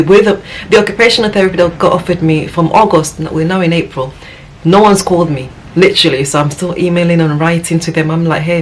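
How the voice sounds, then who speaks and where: A woman's voice: low-pitched, a little hiss or hum, low-quality recording. A woman with a West African accent talking casually to camera as a parent vlogger, rambling and earnest, with many fillers and restarts.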